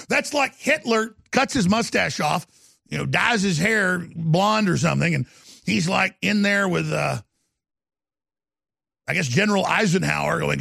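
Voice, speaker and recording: A male radio talk show host rants through a fiery political monologue, shifting from low growls to sudden loud outbursts. He speaks at a normal speed with a creaky voice, recorded in a clean studio with no room sound.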